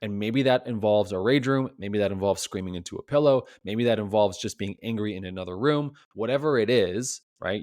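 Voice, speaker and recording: Man, relationship coach, lowish voice, dry close sound, reflective, rhetorical questions, podcast monologue. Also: dry recording. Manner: reflective, asks many rhetorical questions with tag "right?".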